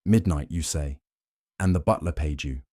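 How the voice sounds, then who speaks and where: A man playing a calm, keen-eyed detective in a storybook reading. He talks in a smooth, measured, almost kind way, with a very deep and mellow voice. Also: no echo, clean studio sound.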